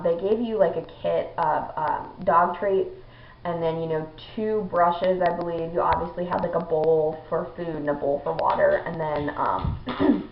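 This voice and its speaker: A woman's voice: lowish voice, vocal fry, a little hiss or hum. A young woman telling a personal story to her viewers in a chatty vlog, with many ums and likes. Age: young adult. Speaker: vlogger. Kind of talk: casual storytelling to camera. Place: her home, indoors. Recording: echoey room, dull lo-fi audio.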